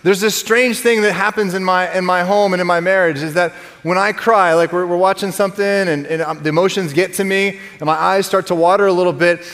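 A man's voice: high voice, fairly even intonation, brisk, few pauses, fairly bright tone. A man in his thirties preaching a sermon to a congregation in a conversational way, often restarting his words and joking with the listeners. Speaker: pastor. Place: church sanctuary. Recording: long hall reverb.

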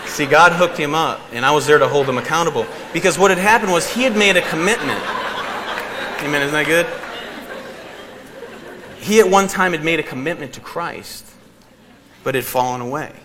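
A man preaching a sermon as pastor, telling a personal story with animated energy and laughing along as he goes. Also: fairly high pitch, normal speed, long pauses, crowd noise, noisy background. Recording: reverberant hall, faint ambience.

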